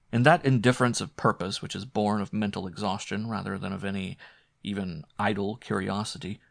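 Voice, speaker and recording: A man narrating a horror audiobook with a low, gravelly voice. His reading is measured and brooding, with scripted pacing. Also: fairly bright tone, dry recording, clean studio sound.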